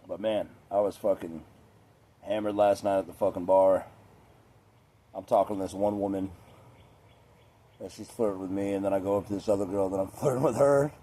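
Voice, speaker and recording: A man's voice: low voice, fairly even intonation, brisk, pauses often, mellow. Laid-back, profane young man rambling. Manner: laid-back, profane, chatty with lots of fillers. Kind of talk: casual rambling monologue.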